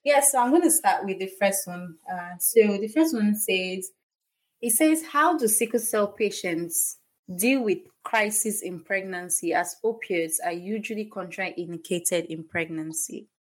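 A woman's voice: mid-range voice, lively intonation, unhurried. A young adult woman from Nigeria hosting a podcast, telling a personal story candidly with many fillers. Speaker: podcast host, foundation founder.

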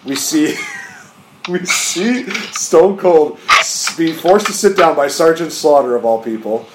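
A man co-hosting a podcast, recapping wrestling in casual chat, animated and laughing as he acts out quotes. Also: on the high side, slow pace, roomy sound, noisy background. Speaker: podcast co-host.

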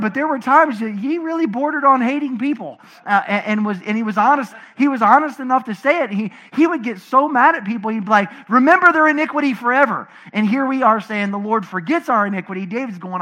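Male pastor, high bright voice, lively sermon delivery with big swings in volume. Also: brisk, few pauses. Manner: animated preaching, swinging from loud emphatic to low and quiet.

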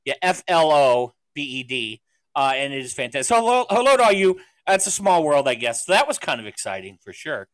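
A man's voice: fairly high pitch, big pitch swings, brisk, fairly bright tone, no room sound. A man hosting a podcast in casual chat, rambling through stories and laughing often. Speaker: podcast host.

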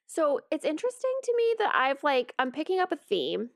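A woman chatting casually on a podcast in a reflective, quick-talking way. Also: high-pitched, wildly swooping pitch, creaky, dry recording, studio quality. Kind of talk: casual chat.

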